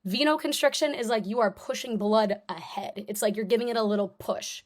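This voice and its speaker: A woman's voice: a little high, a little fast. Chatty young woman tutoring live. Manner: casual, chatty, many fillers. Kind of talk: live online review lesson.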